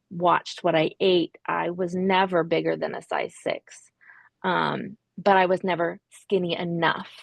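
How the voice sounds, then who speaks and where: A woman's voice: lowish voice, gravelly, no echo. A woman in her thirties, a podcast guest, recounting a painful personal story hesitantly, with many ums and restarts, sometimes dropping to a whisper. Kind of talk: interview storytelling.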